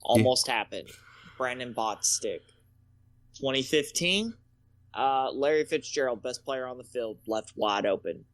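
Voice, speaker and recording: A man's voice: mid-range voice, expressive, measured pace, a bit bright, no echo. A man co-hosting a casual sports podcast, swearing freely and rambling through anecdotes. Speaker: podcast co-host.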